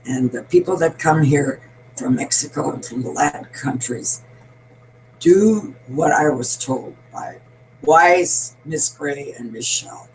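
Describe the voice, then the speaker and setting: A woman's voice: sits low, slow pace, a little mellow, slight background noise, low-quality recording. Blunt, rambling woman in her eighties. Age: 80s. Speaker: show host. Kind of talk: opinionated monologue.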